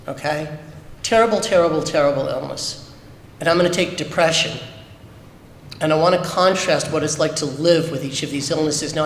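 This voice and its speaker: A man offers a candid, emphatic testimony to a Shabbat congregation, driving home his points with rhetorical questions in a fairly high voice. Long reverb fills the synagogue sanctuary, and a faint room hum lies beneath.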